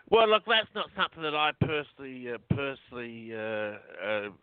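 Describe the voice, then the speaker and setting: A man's voice: medium pitch, big pitch swings, normal speed, smooth, dry recording. Man, phone-in guest, chatty, laughs a lot, filler-heavy, dry tinny line. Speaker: guest, researcher. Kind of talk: casual phone-in interview.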